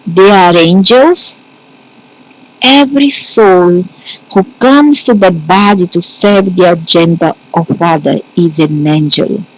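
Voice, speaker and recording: A woman telling a personal story in a reflective, earnest monologue, halting often and restarting her sentences. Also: on the low side, poor audio. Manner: earnest and tender. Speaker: spiritual speaker.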